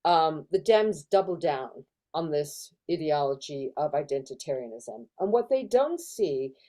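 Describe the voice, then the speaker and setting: Middle-aged woman academic interviewee, mellow warm voice, thoughtful and halting, on a video call. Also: low voice, sing-song. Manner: thoughtful, lots of fillers and restarts, acts out quoted voices. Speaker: professor being interviewed. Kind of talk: casual academic discussion. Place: in California.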